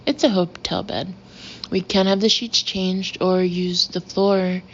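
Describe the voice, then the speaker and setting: A man's voice: high-pitched, little pitch movement, measured pace, a bit bright, slight background noise. Woman doing impatient cheeky husband guy, dull lo-fi audiobook sound. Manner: impatient, blunt.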